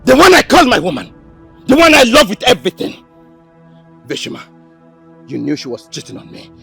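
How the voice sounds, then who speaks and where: A man's voice: extremely high pitch, huge pitch swings, fairly quick, gravelly, breathy edge, heavily acted. An actor with a Nigerian English accent playing a furious young man who feels betrayed by his friend. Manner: angry, accusing, shouting. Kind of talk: Nollywood film acting. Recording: film audio with background music.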